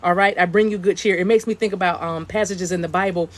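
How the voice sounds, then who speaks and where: Her pitch is fairly low, her tone steady and her pace fast. Hosting a livestreamed spiritual reading from her outdoor deck, she keeps things casual, repeats phrases and slips into chanted light language.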